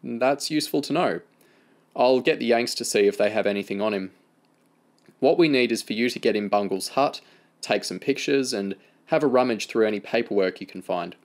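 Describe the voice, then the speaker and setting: A man reading the lines of a calm, dry-humoured adult handler, speaking in a steady, level, lightly amused way. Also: medium pitch, moderate pace, lightly acted.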